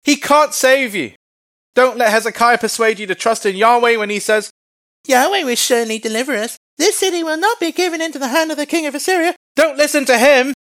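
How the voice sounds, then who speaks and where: Man doing boastful military commander, shouting, high-pitched, mocking, loud, dry close sound. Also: fast, hardly any pauses, no echo.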